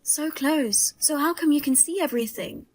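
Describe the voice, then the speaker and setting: A woman's voice: high-pitched, moderate pace, darkish tone, close to an everyday voice. A woman voicing a heavily pregnant young wife who is suspicious, wry and grimly humorous. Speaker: pregnant daughter-in-law. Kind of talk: dramatized story voice-over.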